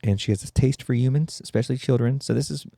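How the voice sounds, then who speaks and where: A man hosting a comedic solo podcast, irreverent and joking with quick asides. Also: medium pitch, creaky, dark tone, no room sound, studio quality. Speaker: podcast host.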